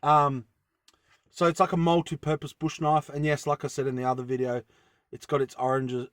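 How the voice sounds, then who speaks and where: A man's voice: on the high side, flat delivery, moderate pace, dry recording, clean studio sound. A man vlogging casually from inside his van, rambling enthusiastically with lots of fillers as he shows off his gear. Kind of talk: casual show-and-tell vlog.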